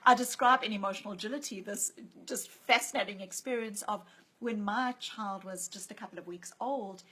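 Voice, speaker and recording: A woman appears as an author and guest in a conversational interview, telling stories and acting out the voices of people she quotes. Her mid-range voice comes at normal speed, sounding pushed, bright, and slightly rough. The audio is poor.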